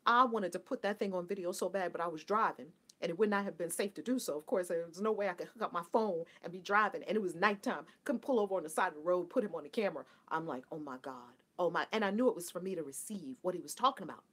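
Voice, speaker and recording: A woman hosting a casual spiritual talk for her viewers, animated and playful, laughing often and mimicking people. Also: lowish voice, fast talker, hardly any pauses, breathy edge. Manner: mimics people in a flat, dutiful voice. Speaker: spiritual livestream host.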